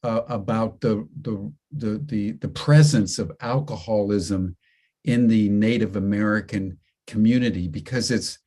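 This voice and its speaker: A man's voice: on the low side, unhurried, dark tone. A man hosting an interview who asks questions hesitantly, repeating words as he works them out. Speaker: host. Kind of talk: interviewing a guest.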